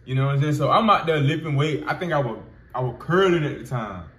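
A man's voice: mid-range voice, animated, fast talker, a bit bright, roomy sound. A man in his twenties telling a personal story in loose, profane slang with lots of fillers. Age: 20s. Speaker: vlogger. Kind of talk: casual storytelling.

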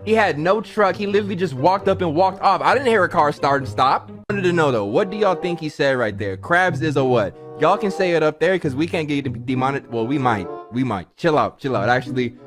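A young man who streams, roasting cartoon clips in a slangy, animated style and calling his chat "bro.". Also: fairly high pitch, fairly quick, hardly any pauses, music in the background. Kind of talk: casual comedic commentary.

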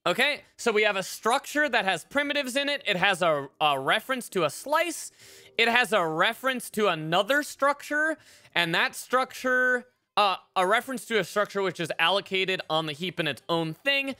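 A woman streamer live-coding and chatting casually, swearing freely as she thinks aloud with plenty of fillers. Her voice is bright and crisp, her pace unhurried, and the sound is dry and close. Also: mid-range voice, expressive, dry recording. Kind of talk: casual live-stream chat while programming.

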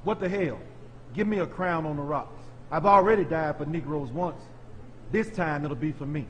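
A man voicing a loud, blunt male preacher figure who is fed up. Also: a little high, normal speed, highs cut off, slight background noise, pitched below the performer's own voice, natural voice. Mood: brash. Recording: long hall reverb.

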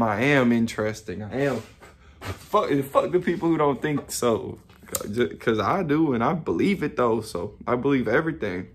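A young man talking straight to camera in a rambling, profane, self-reflective vlog monologue, often laughing at himself. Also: mid-range voice. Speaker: YouTuber. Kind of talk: casual motivational monologue.

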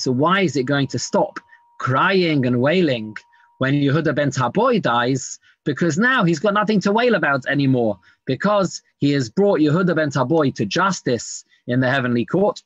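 Rabbi guy giving an online talmud class, bit high voice, lots of ums, dull dry audio. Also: a bit bright, dry recording. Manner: reads Aramaic text then explains it in English, many fillers. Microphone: screen-sharing online class.

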